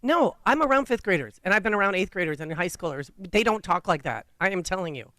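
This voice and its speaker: A female radio co-host with a smooth, clear voice pitched a bit high for her range. She chats, laughs easily and turns indignant. The studio sound is dry. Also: lively intonation, a bit bright, no echo. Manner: chatty, quick to laugh, indignant. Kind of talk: talk radio banter.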